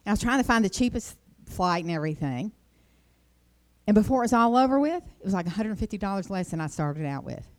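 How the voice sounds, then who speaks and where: Middle-aged woman, devotional talk, chatty storyteller, medium pitch. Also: expressive, fast. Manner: chatty, rambling storyteller, jumps up high when quoting herself. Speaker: Christian speaker. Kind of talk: informal devotional talk with personal stories.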